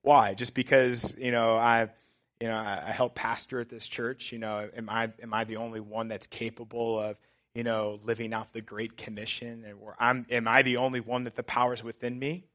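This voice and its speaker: A man, a pastor in his thirties, preaching a sermon in a conversational, somewhat sarcastic way that builds to loud, emphatic urging. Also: medium pitch, little pitch movement, fairly quick.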